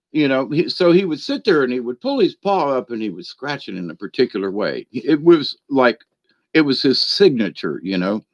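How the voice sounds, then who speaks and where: A man's voice: medium pitch, dry recording. Rambling man with dull dry sound. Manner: meandering, chuckles often, many fillers. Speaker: spiritual channel host. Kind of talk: rambling casual storytelling monologue. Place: at home by his computer.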